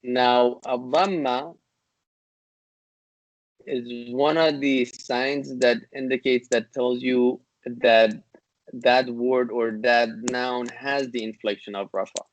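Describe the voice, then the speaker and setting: A man teaching an online grammar class through a video-call microphone. He explains slowly and patiently, full of ums and restarts as he feels for examples, then rattles off short classical Arabic passages at speed. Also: medium pitch, fairly even intonation, no room sound, rough recording. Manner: hesitant, many fillers and restarts, explains patiently; recites classical Arabic text in rapid bursts.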